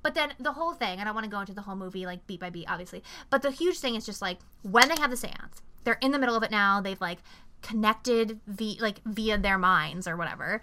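A woman's voice: mid-range voice, fast talker, slight background noise. A young woman co-hosting a podcast, retelling a horror movie in casual, profane chat and acting out the characters' lines. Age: young adult. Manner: profane, animated retelling with acted-out quotes. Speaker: podcast co-host. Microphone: video call.

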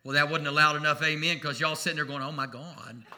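A man's voice: fairly high pitch, level tone, quick pace, noisy background. A man preaching a sermon to his congregation in a folksy, emphatic way, mixing humor into his message. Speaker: pastor. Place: church before a congregation.

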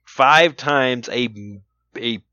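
A man's voice: mid-range voice, extremely slow, sharp tone, clean tone, dry recording. A man hosting a casual chat and asking trivia questions, rambling with lots of "like" and "you know" and laughing often. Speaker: podcast host running trivia questions. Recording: dull lo-fi dry sound.

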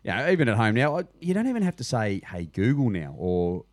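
A man in casual banter, chatty and full of quick jokes. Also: mid-range voice, big pitch swings, no echo, clean studio sound. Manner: joking, chatty, quick asides.

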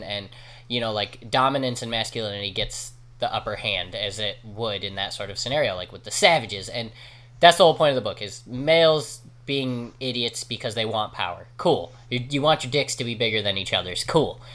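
A man's voice: mid-range voice, a bit bright. A man in a casual podcast chat, giving rambling, opinionated explanations.

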